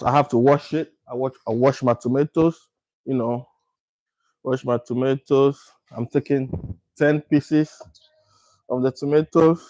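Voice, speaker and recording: A man's voice: mid-range voice, a little mellow, no room sound, rough recording. A man from Ghana talking casually through a home cooking video, repeating his words as he works. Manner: repetitive, unhurried, talks while working. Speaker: cooking vlogger.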